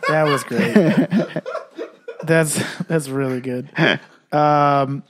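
A man's voice: medium pitch, fairly even intonation, drawn-out words, background noise. A man co-hosting a casual sports podcast, rambling and swearing, with many restarts, after some drinking. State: been drinking. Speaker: podcast co-host.

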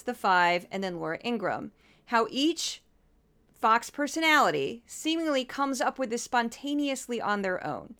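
A woman's voice: a little high, fairly bright tone, clear, resonant tone. A woman hosting a podcast, delivering indignant, impassioned commentary and getting worked up as she argues. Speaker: podcast host.

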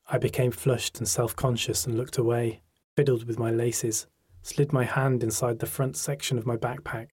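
Mellow, husky narrator. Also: male voice, medium pitch, flat delivery. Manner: measured, reflective storytelling. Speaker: audiobook narrator. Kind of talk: first-person audiobook narration.

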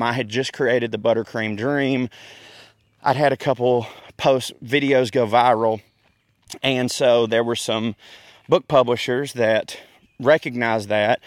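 A man's voice: mid-range voice, dry recording, studio quality. Breathless Southern man rambling in a park. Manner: folksy, chatty, laughs often. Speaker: podcast host. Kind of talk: casual outdoor rant. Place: outdoors in a park.

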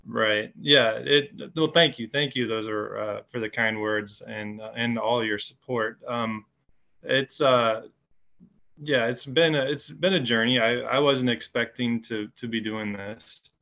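A male interview guest with a bright, forceful voice that comes through a dull, lo-fi remote line. He speaks haltingly and stops often to restart his sentences. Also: medium pitch, vocal fry. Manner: hesitant, many ums and restarts. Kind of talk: casual interview.

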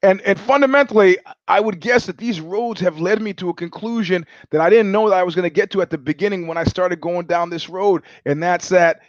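A man's voice: high-pitched, fairly quick, hardly any pauses, dry recording. A man hosting his own show, telling stories in a sardonic, profane monologue. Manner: sardonic, profane, mimics others in anecdotes. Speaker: show host. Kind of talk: monologue storytelling. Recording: dry, slightly dull lo-fi audio.

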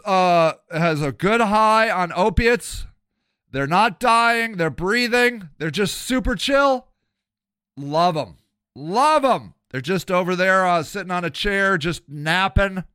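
A man's voice: sits high, bright, forceful tone, smooth, no room sound, studio quality. A man hosting a podcast, talking in a blunt, profane, rambling casual monologue, sober for many years. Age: older. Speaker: podcast host.

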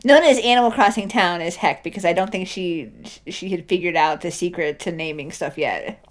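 A woman in casual chat, relaxed and giggly, sharing bits of trivia. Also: on the low side, moderate pace.

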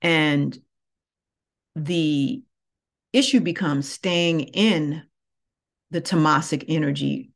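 A woman who teaches yoga, talking through her thoughts slowly and reflectively, with many pauses. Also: deep voice, gravelly. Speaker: yoga teacher and podcast host. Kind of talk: reflective solo podcast talk.

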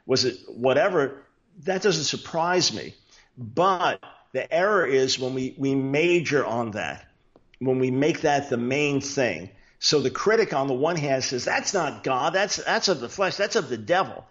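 A man's voice: medium pitch, fairly bright tone, dull audio. A man as an interview guest, an author explaining theology earnestly with frequent restarts. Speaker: guest, Bible teacher and author.

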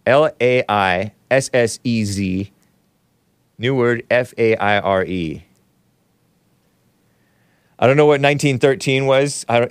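A male talk show host riffing casually on a livestream, reading chat comments, laughing often and jumping up in pitch when mock-surprised. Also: clear, resonant tone, no room sound.

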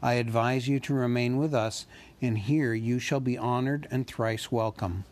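A man voicing a stately, wise male elf king who speaks in a measured, courtly way. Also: mid-range voice, fairly even intonation, a little mellow, close to an everyday voice.

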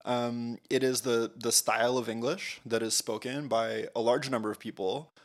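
A man's voice: mid-range voice, fairly even intonation, moderate pace. A man co-hosting a podcast, explaining things in a thoughtful, casual way with frequent fillers. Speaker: podcast co-host.

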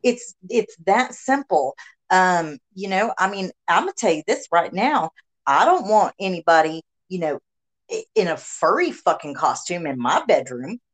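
Woman podcast host, blunt, constant swearing, low voice, swooping intonation. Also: moderate pace, low-quality recording. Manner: blunt, heavy swearing, animated rants. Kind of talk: casual profane political chat.

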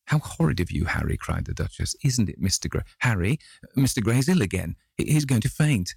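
A man's voice: low-pitched, very animated, fast talker, vocal fry, husky, no echo, clean studio sound, exaggerated voice. A man reading aloud and voicing a genteel, teasing young aristocratic lady in a storybook reading.

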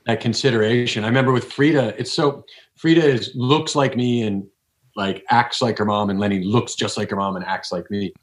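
A man's voice: fairly low pitch, brisk. A man, a podcast guest, talking in a casual, reflective way and often restarting his sentences. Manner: rambling, reflective, many restarts. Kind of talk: casual conversation.

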